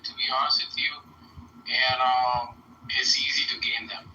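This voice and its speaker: Give me a man with a German accent chatting live, very bright and forceful, in an echoey, slightly dull recording. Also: mid-range voice, normal speed, a little hiss or hum. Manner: rambling, teasing, animated. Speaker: host of a live audio chat room. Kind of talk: casual live-stream chat. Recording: roomy, slightly muffled stream audio.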